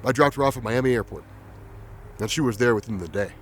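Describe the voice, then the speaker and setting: A man quietly telling a personal story in a halting, reflective way. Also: medium pitch, slight background noise. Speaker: vlogger.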